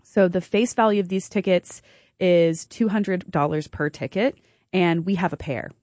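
A woman's voice: fairly low pitch, normal speed, a little mellow, dry recording, clean studio sound. A woman co-hosting a radio pledge drive, friendly and persuasive, often laughing. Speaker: radio station fundraising co-host. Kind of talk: on-air fundraising chat. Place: radio studio. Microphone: studio microphone.

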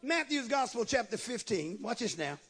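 A man preaching a sermon, swinging from shouted lines to low asides. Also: sing-song, normal speed, slightly rough. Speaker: pastor.

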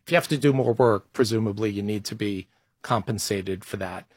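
A man's voice: fairly low pitch, brisk, husky, dry recording, studio quality. A man in his fifties speaking as an interview guest, thoughtful and a little self-deprecating, sometimes restarting his phrases. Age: 50s. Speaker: guest executive. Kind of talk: conversational interview answers.

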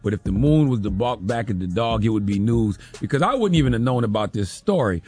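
A man's voice: fairly low pitch, expressive, fairly quick, darkish tone, husky. A man giving an emphatic, sarcastic opinion commentary as a host, often tagging lines with "okay?".

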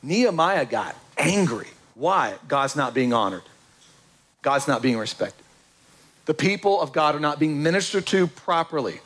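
Pastor guy preaching, jokey and lively, kinda high voice. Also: normal speed. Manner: lively, joking with the congregation. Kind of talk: sermon.

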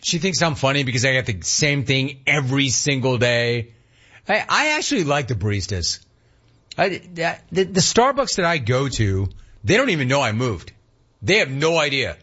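Animated, slightly husky male radio host. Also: muffled recording. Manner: animated ranting, mocks cheerful clerks in a high voice. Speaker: radio talk show host taking calls. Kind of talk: call-in sports talk radio.

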